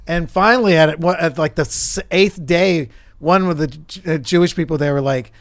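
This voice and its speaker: A man's voice: a little high, moderate pace, dry recording, studio quality. A man, a stand-up comedian, telling stories in a casual chat and restarting his sentences. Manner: animated storyteller, restarts a lot. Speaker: stand-up comedian, podcast co-host.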